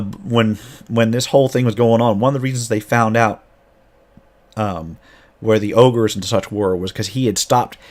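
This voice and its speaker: A man game master casually retelling a tabletop campaign, rambling with frequent restarts. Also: medium pitch.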